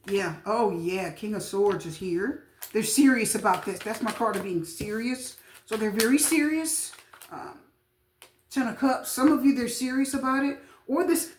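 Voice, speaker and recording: A woman giving a casual tarot reading, chatty and repetitive, often pausing with fillers. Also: a little high. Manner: chatty, repeats phrases, frequent fillers. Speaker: tarot reader. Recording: echoey room with faint noise.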